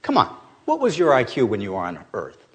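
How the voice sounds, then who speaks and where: A man's voice: medium pitch, wildly swooping pitch, fairly quick, fairly bright tone. A man voicing an eager old male scientist who welcomes newcomers to heaven, chatty and coaxing in a joke told during a talk.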